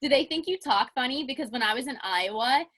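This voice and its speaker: A woman's voice: sits high, expressive, fairly quick, a bit bright. A young woman with a Pittsburgh accent hosting a casual interview, bubbly and chatty with lots of "like". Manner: chatty, bubbly, laughs often, peppered with "like". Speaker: interview host.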